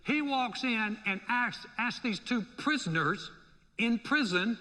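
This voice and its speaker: A male pastor preaching a sermon in a church, in a lively, conversational way. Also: very high voice, normal speed. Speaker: senior pastor. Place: church sanctuary. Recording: long reverb in a hall.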